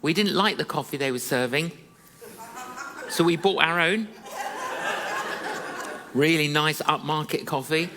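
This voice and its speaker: A preacher telling a story in a sermon, speaking in a lively, humorous, conversational way. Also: mid-range voice, measured pace, long pauses, big-room sound, crowd noise.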